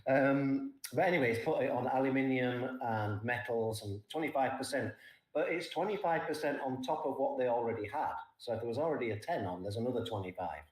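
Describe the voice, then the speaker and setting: An older man giving plain, casual market talk as a trading guest, often ending his points with a quick "right?". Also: medium pitch, darkish tone. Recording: echoey room.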